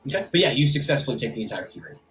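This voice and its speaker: Man, game master, relaxed narration, frequent fillers, mid pitch. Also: very fast, soft background music, poor audio. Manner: relaxed, hesitant with many fillers.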